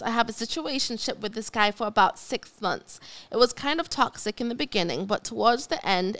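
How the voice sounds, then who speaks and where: A young woman in her twenties, a podcast co-host chatting candidly and reading a listener letter aloud, animated and quick to laugh. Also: a little high.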